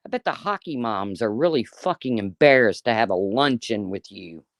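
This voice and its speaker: A woman's voice: very deep voice, lively intonation, normal speed, no echo, clean studio sound. A woman in her fifties giving an angry, profane, sarcastic rant on a live stream. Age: 50s. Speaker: YouTuber.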